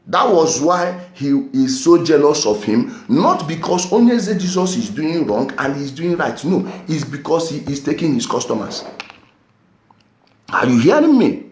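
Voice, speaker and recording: A Nigerian man delivering a heated vlog rant, firing off repeated rhetorical questions. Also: a little high. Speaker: vlogger. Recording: roomy echo.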